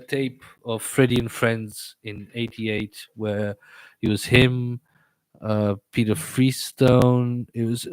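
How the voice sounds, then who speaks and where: A man's voice: medium pitch, darkish tone, no echo. Stammering man, faintly British-tinged English. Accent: slightly British-sounding, learned English. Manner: rambling, frequent stammered restarts. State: slightly impeded speech from a toothache. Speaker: livestream host. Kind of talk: casual live chat.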